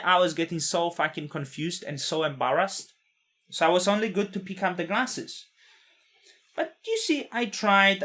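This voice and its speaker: This man's voice sits high and has a sharp tone. In his thirties and not a native English speaker, he tells a personal story candidly and bluntly, swearing and often restarting his sentences.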